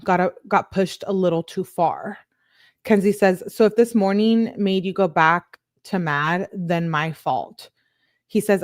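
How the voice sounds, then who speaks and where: Low-voiced woman reading text messages. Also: no echo, studio quality. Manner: plain reading with casual asides, says "like" often. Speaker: true crime channel host.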